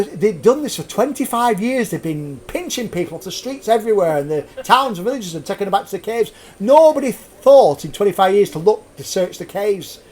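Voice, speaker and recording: A man hosting a live show, telling a grisly tale in a jokey, rambling way, laughing at his own puns and drifting off topic. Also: sits high. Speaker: host. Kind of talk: live storytelling chat.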